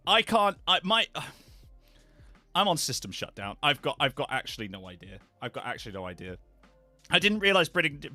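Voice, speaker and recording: A man's voice: medium pitch, pushed and bright, no echo. A British man chatting on a live stream in a playful, rambling way, often trailing off into mumbles. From Britain. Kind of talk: casual live-stream chat.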